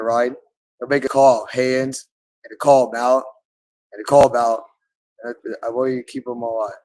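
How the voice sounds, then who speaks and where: A man's voice: mid-range voice, darkish tone, rough recording. A man talking in a rambling monologue, swearing often and repeating phrases over and over. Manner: repetitive, loops phrases over and over; profane, with frequent swearing.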